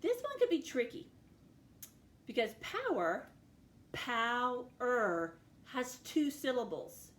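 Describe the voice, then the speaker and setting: A woman's voice: sits high, huge pitch swings, measured pace. A woman teaching a phonics lesson to children, patiently sounding out words letter by letter.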